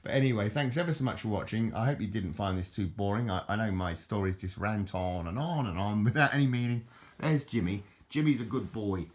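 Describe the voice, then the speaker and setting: An older man from southern England, speaking with a southern English accent, vlogs to camera in a low, brisk voice. He chuckles as his thoughts wander, repeating words and beginning sentences again.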